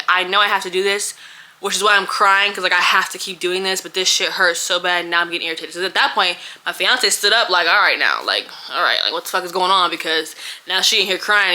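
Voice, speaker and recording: Fast-talking bright young woman vlogger. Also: medium pitch. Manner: animated, expressive storytelling with laughs and quoted voices. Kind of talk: casual storytelling to camera.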